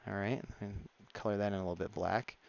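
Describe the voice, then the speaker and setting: A man's voice: lowish voice, fairly even intonation, a little fast, gravelly, lo-fi sound. A man chatting in a playful, easygoing way as he narrates his drawing on a live stream. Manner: playful and chatty, laughs at his own jokes.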